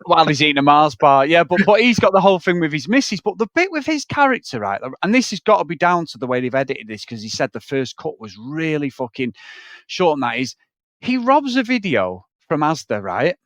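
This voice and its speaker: A man talking a film through in casual, sweary chat, his voice riding up and down a lot and pitched a touch high. The sound is dry and close, with no room in it. He keeps acting out bits of scenes as he goes. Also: brisk, no room sound. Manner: animated, sweary, acts out scenes in quoted voices. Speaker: podcast co-host.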